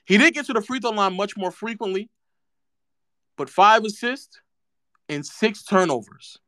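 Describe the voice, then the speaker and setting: A man's voice: high voice, expressive, unhurried, pushed and bright, dry recording, studio quality. A man streaming live, ranting about basketball in a sarcastic, mocking way and repeating phrases for effect.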